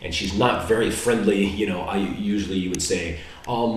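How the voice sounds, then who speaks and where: A man from the United States giving a casual, rambling vlog lesson on basic phrases, slowing down to spell out foreign words. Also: low-pitched. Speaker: language learner teaching basic phrases. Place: indoor room in Serbia. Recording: very echoey room, mic far off.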